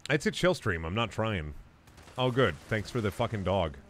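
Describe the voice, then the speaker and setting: A young man with a lowish voice that swings all over the place, bantering crudely with his chat as he plays. His remarks shift between offhand mutters and loud, mocking bursts. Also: animated, normal speed, a little hiss or hum. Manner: muttered asides while playing. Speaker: game streamer. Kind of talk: casual gaming stream commentary.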